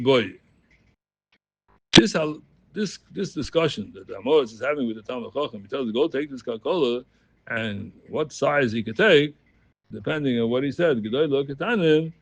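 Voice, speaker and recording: Talmud teacher, male, gravelly voice, sing-song chanting of the text, dry close sound. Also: fairly high pitch, dry recording. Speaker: Talmud study group leader.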